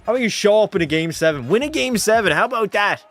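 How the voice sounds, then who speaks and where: A man's voice: high voice, animated, quick pace, fairly bright tone, faint music behind. A young man commentating his own hockey video game on a live stream, a little tipsy, swearing freely, answering chat and calling plays like a sportscaster. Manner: rowdy, profane, mock play-by-play, reads chat aloud. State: tipsy from a few drinks. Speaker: gaming streamer.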